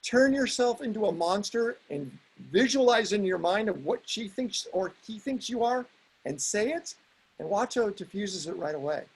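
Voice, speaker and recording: A male host with a high, gravelly, husky voice that swings widely in pitch. He chats casually and tells stories with animation. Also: moderate pace, rough recording. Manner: animated storyteller, laughs often. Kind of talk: casual chat.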